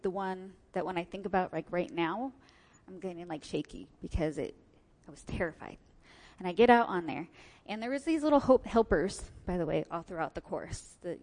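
A woman's voice: medium pitch, darkish tone. A woman telling a personal story to an audience, vividly acting out what people said to her. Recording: long hall reverb.

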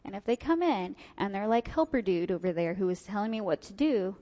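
A woman's voice: medium pitch, a little fast, warm tone. A woman telling a personal story to an audience, vividly acting out what people said to her. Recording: long hall reverb.

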